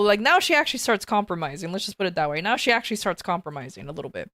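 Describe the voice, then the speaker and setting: A woman's voice: mid-range voice, very animated, racing, few pauses, a bit bright, no room sound, studio quality. A woman telling a story on a casual livestream, rambling and swearing, with many restarts and fillers. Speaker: streamer.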